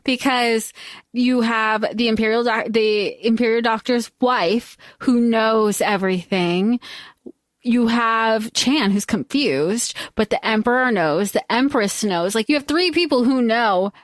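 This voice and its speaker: A woman's voice: a little high, a little slow, no room sound, clean studio sound. A woman co-hosting a podcast, reflecting on a movie in casual chat, full of "like" and "you know" and often correcting herself. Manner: thoughtful, fillers like "like" and "you know", self-correcting. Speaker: podcast co-host.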